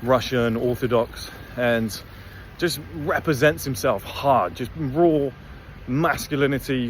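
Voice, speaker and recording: A man's voice: mid-range voice, takes it slowly, hardly any pauses, a little hiss or hum. Blunt, swearing man ranting outdoors. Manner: blunt, profane, rambling. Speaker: motivational vlogger. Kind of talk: casual monologue to camera.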